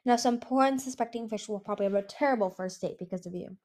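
A woman's voice: mid-range voice, quick pace, a little mellow, lightly acted. A woman playing Darkstalker, a showy young dragon. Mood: playful. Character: young male dragon, boastful and playful.

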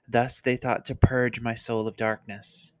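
A reader voicing a frail, bitter male mage, speaking softly and calmly in a read-aloud novel passage, with a dry close sound. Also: medium pitch, measured pace, no echo, natural voice. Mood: cold, calm. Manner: soft, quiet and gentle.

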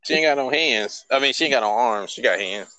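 Lively man telling crude jokes. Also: mid-range voice, fairly quick, no echo, low-quality recording. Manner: animated storyteller, acts out crude voices. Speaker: podcast guest. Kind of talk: casual chat.

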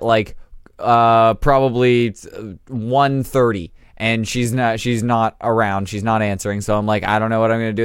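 A man's voice: mid-range voice, clean tone, dry recording, studio quality. A young man co-hosting a podcast, rambling through a story in a blunt, profane way. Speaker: podcast co-host. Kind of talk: casual chat.

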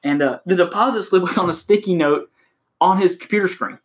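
A man's voice: high voice, brisk. A man casually telling a story about his job as a car salesman, swearing freely and acting out the people in it. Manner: animated, profane, acts out quotes loudly.

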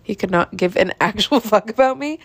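A young woman hosting a podcast, telling a story in a casual, chatty monologue with swearing, sighs and laughs, exasperated and animated. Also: mid-range voice, fairly quick, husky, dry recording. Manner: animated, exasperated, drops to mutters. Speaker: podcast host.

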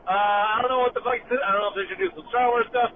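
A man calling in from his car, ranting loudly and swearing in a comic voice message. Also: extremely high pitch, steady tone, fast. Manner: loud, brash, swearing. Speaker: caller leaving a voice message. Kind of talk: profane comic rant. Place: driving in a car. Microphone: phone. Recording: tinny phone line with car noise.

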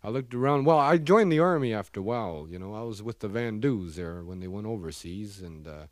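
A man voicing a slow, folksy Canadian body crab with a Canadian accent, saying "eh?" and "by golly" as his words trail off low in a comedy record sketch. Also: expressive, lightly acted.

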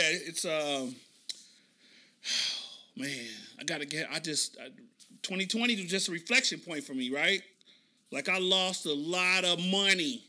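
A man's voice: high voice, bright, forceful tone. A man hosting a podcast, reacting to an interview clip in loose, reflective, slangy talk. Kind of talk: casual reaction commentary.

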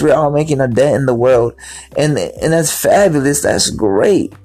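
A man with a somewhat high, slightly mellow voice chats casually about his own life while faint music plays behind him. He rambles, repeats words, and acts out the greetings he quotes.

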